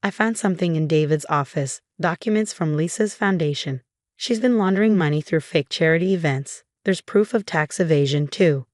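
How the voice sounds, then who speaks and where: A woman narrator voicing a woman who speaks in a hushed tone about documents she found. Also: sits low, moderate pace, dry recording, clean studio sound, lightly acted.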